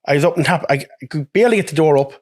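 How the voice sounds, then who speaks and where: Swearing Irish trucker telling stories. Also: male voice, a little high, very fast. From Ireland. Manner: animated, swearing, acts out quoted voices with laughs. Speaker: truck driver guest. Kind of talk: casual storytelling chat.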